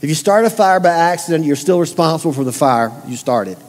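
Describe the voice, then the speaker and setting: A man preaches to his congregation in a folksy, emphatic way, often pausing to put questions straight to them. His voice sits fairly high for a man. A long reverb trails off each line, the way it does in a church sanctuary. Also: expressive, a little mellow. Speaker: pastor. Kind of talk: sermon.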